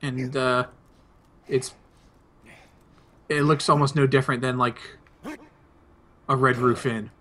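A man's voice: mid-range voice, little pitch movement, takes it slowly, long pauses, pushed and bright, slight background noise. A young man, host of a two-player gameplay video, casually rambling through a personal anecdote. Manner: rambling anecdote, laid-back. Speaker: let's play host.

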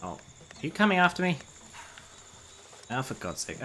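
A man's voice: on the high side, wildly swooping pitch, moderate pace, bright, forceful tone, slight background noise. A man, giving casual gameplay commentary as a streamer, swearing freely and laughing often.

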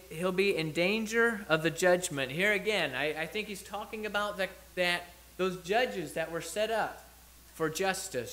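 A man preaches a sermon in church in a high voice that sounds pushed and bright. His delivery is conversational, full of restarts and self-corrections as he works through his thoughts aloud.

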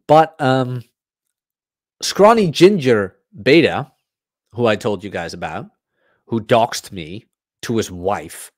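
A man's voice: mid-range voice, expressive, takes it slowly, pauses often, dry recording, clean studio sound. A man hosting a podcast, talking in a casual, blunt and profane monologue. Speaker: podcast host.

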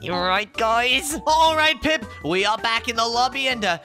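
Someone doing a bright, boastful gamer host. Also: mid-range voice, animated. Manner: bragging, playful, fast-talking. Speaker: channel host. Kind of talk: Roblox gameplay chat. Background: faint background music.

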